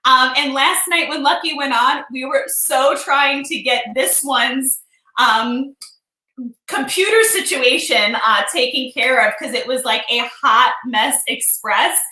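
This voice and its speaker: A woman hosts a casual live stream from home, chatty and openly emotional as she greets viewers one by one. Her voice sits high and sounds bright. The room adds a noticeable echo. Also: measured pace. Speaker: livestream host. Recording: echoey room.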